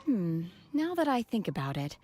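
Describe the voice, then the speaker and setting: An actress voicing a calm, reserved young woman in a game, soft and measured, with a dry wit. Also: mid-range voice.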